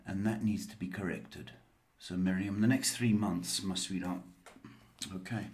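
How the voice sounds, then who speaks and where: A man live-streams a psychic card reading, answering viewers slowly with many ums and pet names like baby and sweetheart. His deep voice is a little mellow, with fairly even intonation.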